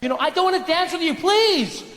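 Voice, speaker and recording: A man's voice: very high voice, expressive, fairly quick, fairly bright tone, voice pushed up. A man doing a flustered polite young woman. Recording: hall reverb, faint noise.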